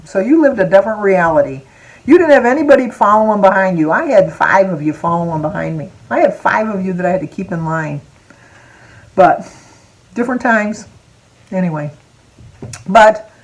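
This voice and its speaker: A woman's voice: medium pitch, low-quality recording. A woman in her sixties telling a personal story to her viewers in a chatty, rambling way, close to tears and laughing now and then. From Michigan, USA. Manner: chatty and rambling, drifting off topic with asides and laughs. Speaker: vlogger. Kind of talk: casual personal storytelling to camera.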